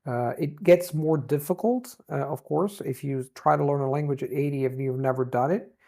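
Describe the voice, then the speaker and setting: Warm-voiced Italian man speaking near-American English. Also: a little high, moderate pace, creaky. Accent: Italian-born, near-American English. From Italy. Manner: reflective, animated, demonstrates sounds. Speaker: guest. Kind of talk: interview conversation.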